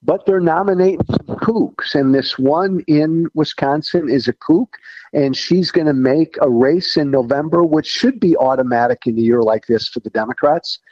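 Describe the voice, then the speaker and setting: A man's voice: fairly high pitch, normal speed, darkish tone, no echo, dull audio. A man who once served in Congress, giving blunt, folksy political opinions in an interview. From Illinois. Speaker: former congressman guest.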